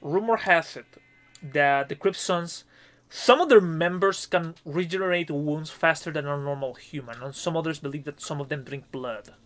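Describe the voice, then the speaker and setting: A man's voice: a little high, normal speed, a bit bright. Chatty man narrating a horror game. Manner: conversational, with fillers and asides. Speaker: game master. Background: faint music.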